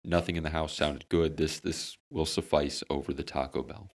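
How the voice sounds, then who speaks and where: A man's voice: a bass voice, normal speed. A young man, telling a funny story with plenty of swearing on a casual podcast among friends. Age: young adult. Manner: animated, swearing, dramatic comic storytelling. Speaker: podcast co-host.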